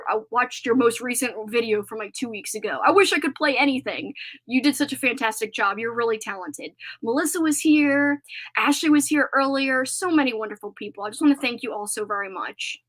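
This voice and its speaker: A woman's voice: on the high side, a bit bright. A woman hosting a casual live stream, chatting in a rambling way with many filler words.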